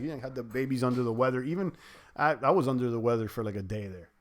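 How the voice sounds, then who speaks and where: A man's voice: medium pitch, animated, fast. A man hosting a livestream, chatting loosely and reading viewer comments aloud. He rambles with many fillers and restarts and trash-talks trolls playfully. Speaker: crypto livestream host.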